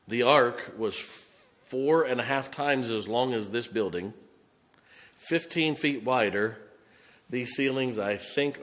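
A man's voice: on the low side, a bit bright. A male pastor preaching a sermon in a church, reading scripture aloud and explaining it with emphatic, direct address to the congregation. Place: church sanctuary. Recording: long reverb of a large hall.

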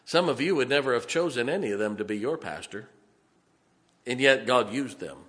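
A man's voice: mid-range voice, animated, moderate pace, fairly bright tone. A male pastor preaching a sermon in a folksy storytelling manner, acting out the voices of the people in his story. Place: church sanctuary. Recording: long reverb of a church hall.

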